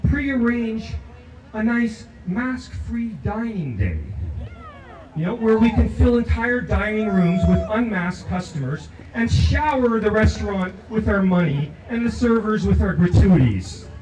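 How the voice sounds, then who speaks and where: An older man giving an impassioned protest speech outdoors, declaiming repeated lines and shouting to lead the crowd in chants. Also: high voice. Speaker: protest speaker. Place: outdoor rally at a legislature. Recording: echoey, distant from the mic, loud crowd.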